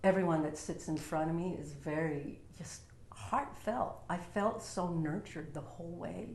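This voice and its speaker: A woman's voice: fairly low pitch, unhurried, a little mellow. A woman at home telling her personal story in a casual, heartfelt and rambling way, full of fillers. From Utah. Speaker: vlogger sharing a personal story. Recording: roomy echo.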